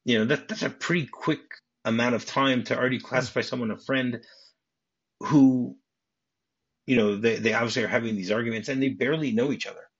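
Man, podcast host, husky voice, muffled recording, rambling restarts. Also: mid-range voice, brisk. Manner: rambling, many restarts, acts out lines. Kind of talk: casual movie discussion.

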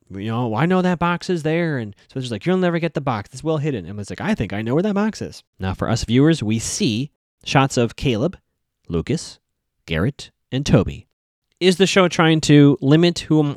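A man giving a casual, chatty recap of a TV episode, acting out the characters' lines in quick asides. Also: mid-range voice, no echo, studio quality. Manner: chatty, animated, with quoted asides.

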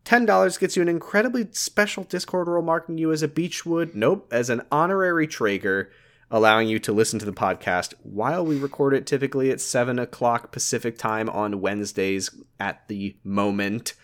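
A man's voice: medium pitch, fairly quick, fairly bright tone. A man casually wrapping up a podcast episode, loose and joking, with fillers and the odd swear. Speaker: podcast host.

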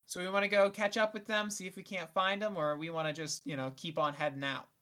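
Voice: mid-range voice, little pitch movement, fast talker, pushed and bright, lightly acted. A game master voicing a teasing adult companion in a tabletop role-play, with dry sarcasm.

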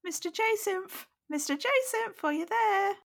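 Female reader voices an eager little boy in a storybook: odd, squeaky, very high and sing-song. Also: lively intonation, a little slow, vocal fry, a bit bright, exaggerated voice.

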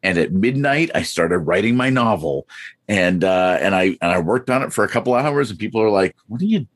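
A man's voice: sits low, lively intonation, a little fast, dry recording. A man, a podcast guest, telling anecdotes in casual chat with lots of "uh" and "like.". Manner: chatty, lots of fillers.

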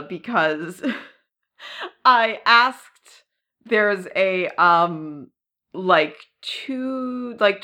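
Slow-talking bright-voiced woman host. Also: on the low side. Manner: laughs often, lots of ums. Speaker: podcast co-host. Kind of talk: casual chat.

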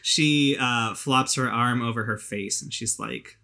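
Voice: medium pitch, a little slow, sharp tone. A game master narrating a tabletop game in a loose, casual way, with lots of fillers.

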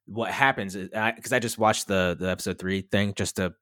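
Man, very low voice, casual podcast chat, rambling, dry close sound. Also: fairly even intonation, fairly quick, sharp tone, no room sound. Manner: rambling, restarts, swears casually. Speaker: podcast co-host. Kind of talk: casual chat recapping a TV episode.

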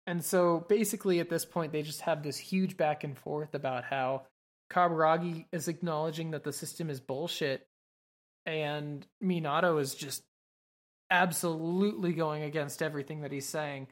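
A woman's voice: sits low, steady tone, normal speed. A woman casually recapping a show's episode on a podcast, swearing freely and quoting characters as she goes. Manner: swears casually, acts out quoted lines in passing. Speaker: podcast co-host recapping an anime. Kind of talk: casual chat, recapping scenes.

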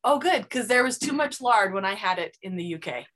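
A woman's voice: mid-range voice, expressive, brisk, fairly bright tone. A woman hosting her own podcast, chatting playfully and joking about herself. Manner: playful, self-deprecating. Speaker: podcast host. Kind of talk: casual podcast chat.

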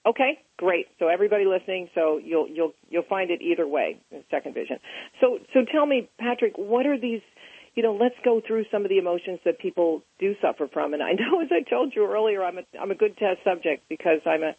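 A woman hosting a talk show, reading a scripted introduction and then chatting warmly with her guests. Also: mid-range voice, expressive, brisk, husky, no echo. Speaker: radio show host. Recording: phone-line audio.

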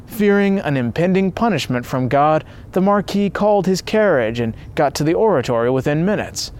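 List: man, narrator, earnest, devotional, scripted storytelling, slightly high pitch. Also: lively intonation, normal speed, darkish tone, smooth. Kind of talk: scripted narration of a saint's life.

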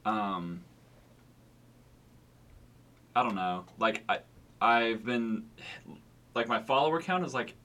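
Young man, podcast co-host, lowish voice, hesitant casual chat, many fillers. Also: animated, a little slow, bright, forceful tone. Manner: hesitant, lots of likes and ums.

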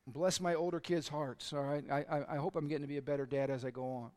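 Speaking fast in a steady, fairly high voice, a middle-aged man preaches as a pastor, weaving in earnest personal stories. He drops quiet when confessing and rises for the punchlines.

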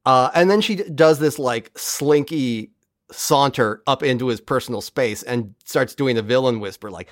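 A man co-hosting a podcast recaps an episode in casual chat, animatedly acting out the characters' lines as he goes. His mid-range voice moves at a moderate pace, with clean studio sound and no echo.

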